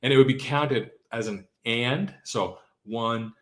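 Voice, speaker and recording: A man's voice: mid-range voice, normal speed, fairly bright tone. A man giving a live-streamed guitar lesson in a casual, chatty way, often checking in with "okay?" and counting beats aloud. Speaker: guitar teacher. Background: his own acoustic guitar strumming.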